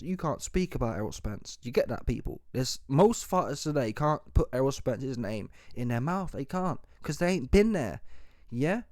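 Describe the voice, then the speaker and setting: A man rants in a slangy, forceful monologue and keeps tossing in rhetorical questions. His voice sits in a middle pitch. The recording is dry and close with no room sound. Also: no room sound. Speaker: boxing commentary YouTuber. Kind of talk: opinionated monologue.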